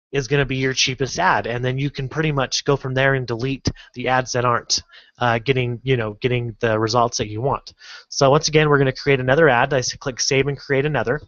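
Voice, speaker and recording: A man's voice: mid-range voice, fairly bright tone, no echo. Casual man with dull lo-fi audio. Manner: casual, halting, many fillers and restarts. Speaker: online marketing instructor. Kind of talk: screen-recorded tutorial walkthrough.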